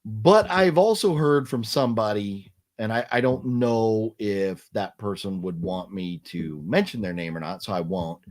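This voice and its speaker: A man's voice: lowish voice, a little slow, hardly any pauses. A man hosting a casual late-night live stream, thinking aloud in a rambling way with many restarts.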